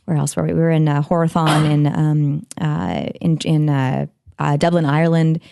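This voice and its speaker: Woman guest, sing-songy Valley-girl delivery, low pitch, dry close sound. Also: moderate pace, vocal fry, warm tone, dry recording. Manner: chatty, many restarts and fillers. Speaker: guest, actor-director. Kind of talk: podcast interview chat.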